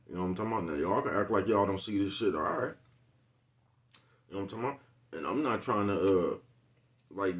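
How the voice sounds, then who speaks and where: Rambling, profane man talking to camera. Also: fairly low pitch. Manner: rambling, profane street talk with frequent "you know what I'm talking about". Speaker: vlogger. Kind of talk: casual monologue to camera.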